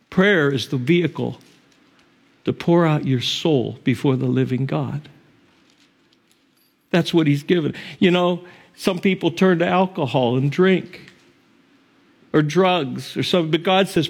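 A male pastor preaching a sermon in an earnest, expressive storytelling manner, sometimes correcting himself mid-word. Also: medium pitch, moderate pace.

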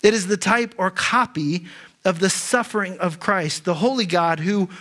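A man's voice: high-pitched, normal speed, sharp tone. A male pastor preaching a sermon earnestly, often repeating and restarting words. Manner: earnest, with frequent word repetitions and restarts.

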